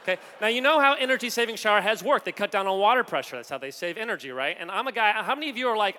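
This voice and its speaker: A man, an executive coach, giving a joking, animated conference talk and addressing the audience directly. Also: high voice, very fast, few pauses. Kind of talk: energetic humorous stage talk. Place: large hall on a conference main stage. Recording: long hall reverb.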